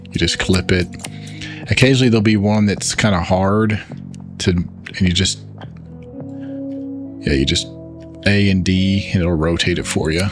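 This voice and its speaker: Southern guy from arkansas, lowish voice, chill let's play chatter, explains controls. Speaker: gaming channel host. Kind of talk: casual let's play commentary.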